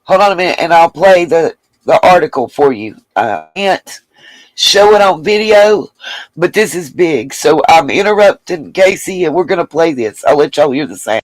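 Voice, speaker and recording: A woman's voice: sits low, expressive, normal speed, no room sound, rough recording. A woman hosting her own vlog, chatting casually to viewers and apologizing as she goes. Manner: chatty, apologetic asides, addresses viewers as y'all. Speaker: vlogger host.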